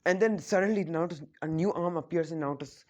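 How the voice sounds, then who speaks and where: A man's voice: a little high, quick pace, a little mellow. Rambling man telling a fan story. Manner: rambling, many "like" fillers and restarts. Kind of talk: casual spoken storytelling. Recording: dull lo-fi recording.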